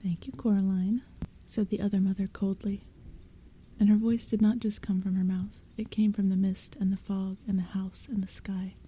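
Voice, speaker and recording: A woman reading a storybook aloud as whispered role-play, in a soft, hushed, mostly unvoiced whisper, with faint rain behind her. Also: mid-range voice, little pitch movement, moderate pace, husky. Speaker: ASMR audiobook reader. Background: soft rain and thunder.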